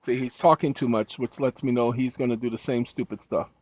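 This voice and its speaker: A man hosting casual screen-recording commentary, animated and scolding as he talks to a chatbot and his viewers. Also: medium pitch, fairly quick. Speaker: channel host. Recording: dull dry lo-fi mic.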